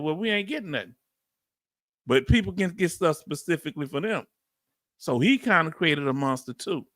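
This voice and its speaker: A man's voice: on the high side, expressive, moderate pace, fairly bright tone, dry recording, studio quality. Southern man hosting a live Q&A. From United States. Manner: casual, conversational, laughs often. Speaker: livestream host. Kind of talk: live Q&A, reading and answering chat comments. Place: Texas.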